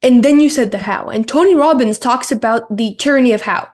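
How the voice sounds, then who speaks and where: A woman's voice: fairly high pitch, a little fast, darkish tone. A woman hosting a business podcast, chatting casually and backing up her guest. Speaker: podcast host. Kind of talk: casual interview chat.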